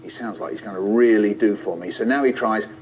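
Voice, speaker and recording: A man telling a childhood story in a playful, expressive way. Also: lowish voice, brisk, slight background noise. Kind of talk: animated storytelling. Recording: lo-fi, muffled.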